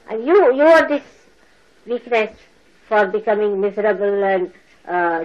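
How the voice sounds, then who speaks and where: An older woman giving a spiritual talk to followers, animated and laughing, mimicking people as she speaks. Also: fairly high pitch, highs cut off. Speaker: spiritual teacher. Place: lecture hall.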